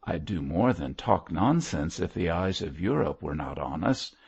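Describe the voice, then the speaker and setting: A man voicing a lively, teasing young army captain in an audiobook, talking in a playful bantering way. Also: sits low, measured pace, creaky, husky, lo-fi sound, heavily acted.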